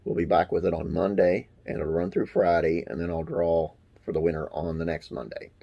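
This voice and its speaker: A man's voice: low voice, steady tone, brisk, vocal fry, husky, dull audio. A man hosting a classic TV trivia channel, reading facts aloud and wandering into folksy, rambling asides with religious sign-offs.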